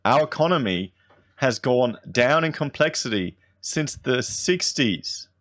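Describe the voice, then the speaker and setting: A man's voice: medium pitch, lively intonation, takes it slowly, fairly bright tone, dry recording, studio quality. A man from Australia giving casual, sarcastic commentary while reading an article, with wry asides. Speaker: political commentary host.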